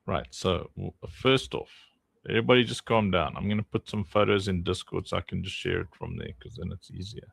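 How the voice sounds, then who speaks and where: A man hosting a casual live stream in a goofy way, jumping into silly squeaky voices and laughing as he chats with his community. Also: fairly quick, gravelly, a bit bright, no echo.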